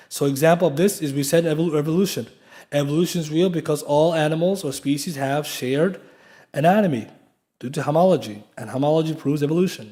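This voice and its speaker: A man's voice: a little high, darkish tone. A man giving a lecture in a mosque, emphatic and full of rhetorical questions, spelling out key terms for his students. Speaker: Islamic lecturer. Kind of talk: classroom lecture.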